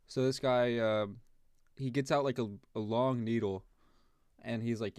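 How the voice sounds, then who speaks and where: A young man tells a personal story in a loose, rambling way, full of fillers and restarts. His voice sits at an ordinary pitch. The sound is dry and close, with no room echo. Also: steady tone, a little fast, a little mellow. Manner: rambling, filler-heavy, says "bro" and "like". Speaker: vlogger. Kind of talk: casual storytime.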